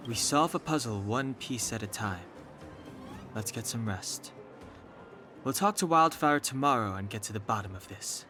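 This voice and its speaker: An actor voicing a calm, thoughtful man in a game, speaking in a measured, reflective way. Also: mid-range voice, faint music behind.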